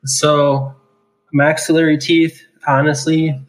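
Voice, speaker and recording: The audio is poor, with faint music behind this slow-speaking man whose slightly high voice barely moves in pitch. An oral surgeon, he casually discusses extraction cases, laughing frequently and tagging his points with "right?".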